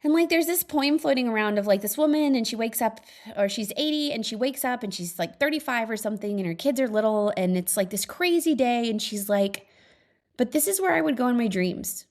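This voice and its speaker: A woman in her thirties talks on her own podcast, chatty and earnest, full of "like" and "you know" and little laughs. Her voice sits a bit high for a woman. She sounds upbeat and reflective, as if thinking aloud to friends. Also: expressive, a little fast, few pauses. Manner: chatty, upbeat, laughs often, many fillers. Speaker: podcast host. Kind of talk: casual solo monologue.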